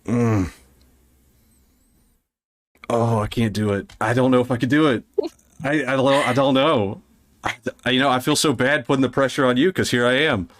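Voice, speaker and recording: A man's voice: mid-range voice, normal speed, pauses often, a bit bright, no room sound. A man hosting a podcast in casual chat, nervous, giggly and self-deprecating. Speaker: podcast host.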